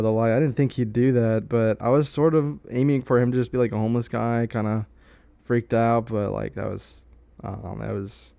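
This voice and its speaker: A man's voice: mid-range voice, creaky, mellow, smooth, no echo. Young man rambling through a story. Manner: rambling, many fillers and restarts. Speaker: vlogger. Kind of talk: casual storytelling.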